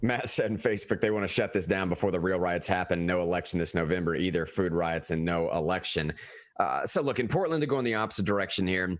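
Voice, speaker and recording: A man talking casually about politics as a podcast co-host, animated and often restarting his phrases. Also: low-pitched, fast, dry recording.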